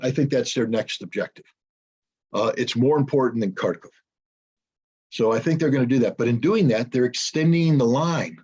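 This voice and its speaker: A man's voice: mid-range voice, a little mellow, breathy edge, muffled recording. A man giving blunt, opinionated analysis as an interview guest, often repeating words as he searches for the next one. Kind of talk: unscripted interview commentary.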